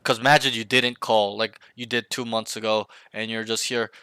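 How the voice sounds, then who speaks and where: A man's voice: lowish voice, level tone, moderate pace, pushed and bright, clear, resonant tone, no echo. A man coaching a student through a match review, blunt and profane, often acting out team callouts. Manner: blunt, swears freely, acts out callouts. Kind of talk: casual coaching session.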